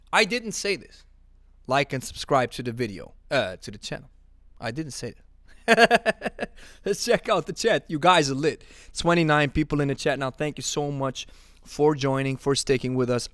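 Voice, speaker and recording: Guy hosting a live stream, kinda high voice, jokey and repeats stuff, dry close sound. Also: fairly bright tone, no echo. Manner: joking, laughs often, repeats himself. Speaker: podcast host reading live chat. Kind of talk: casual live-stream chat.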